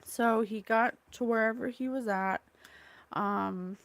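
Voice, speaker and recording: Gravelly-voiced woman psychic medium. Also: fairly high pitch, fairly even intonation. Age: adult, mother of a young child. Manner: rambling, halting, blurts single words she says come from spirit. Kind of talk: solo spirit channeling monologue. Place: at home, in a room with curtains and a candle.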